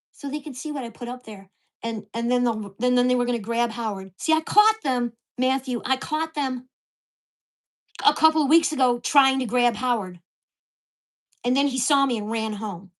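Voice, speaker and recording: A woman vlogger ranting to the camera, with profane, fast-shifting storytelling and an exasperated, indignant tone. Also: a little high. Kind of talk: angry rant to camera.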